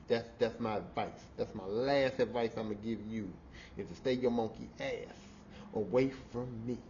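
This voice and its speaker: A man hosting a podcast, telling a profane work story in casual style and acting out the quotes. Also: normal speed. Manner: animated, profane, acts out quotes with big pitch jumps. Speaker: podcast host. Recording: slightly dull audio with faint noise.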